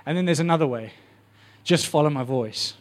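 A male preacher, his voice sitting high for a man. He tells stories with animated energy and throws himself into the voices of the people in them. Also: fairly quick. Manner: animated storytelling, acting out voices. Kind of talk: sermon.

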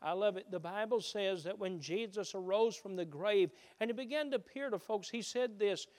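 A man preaching a sermon, shifting between loud emphatic peaks and hushed low passages. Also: normal speed. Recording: reverberant hall.

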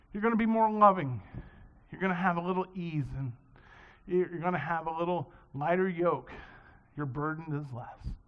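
A man preaching a sermon in a conversational, storytelling way, in a dull lo-fi recording. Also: high-pitched. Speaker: pastor. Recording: dull lo-fi sound.

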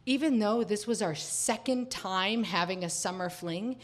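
A woman's voice: medium pitch, unhurried. A woman in her thirties telling a wry first-person story in a confiding way, with laughing asides.

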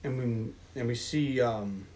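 A man hosting a podcast, casually retelling a film's plot in a brisk storytelling manner. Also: medium pitch, a little mellow, far from the mic. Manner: brisk storytelling, mimics characters. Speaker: podcast host. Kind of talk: casual film recap.

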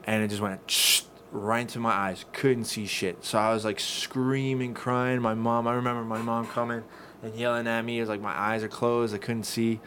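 A man talking casually on a podcast, swearing freely and telling stories in an animated way. His pitch sits in the ordinary middle range for a man. A faint hiss of background noise runs under the voice. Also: moderate pace. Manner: profane, animated storyteller. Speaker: podcast co-host. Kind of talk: casual chat.

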